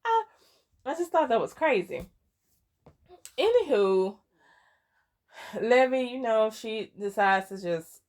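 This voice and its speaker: A young woman casually recapping a story game, rambling with lots of fillers and restarts, and often laughing in amusement. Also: mid-range voice. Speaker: gaming content creator.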